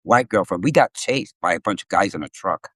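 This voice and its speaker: Animated, profane middle-aged man storyteller. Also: low voice, a little fast, slightly rough, no room sound. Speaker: live stream host. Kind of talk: casual storytelling chat.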